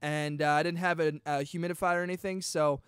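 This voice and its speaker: A young man hosting a podcast, excitedly telling a personal story in casual chat, full of dude and bro. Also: fairly high pitch, fast talker, clean tone, dry recording, clean studio sound. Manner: chatty and excitable, peppers talk with dude and bro. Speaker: podcast host.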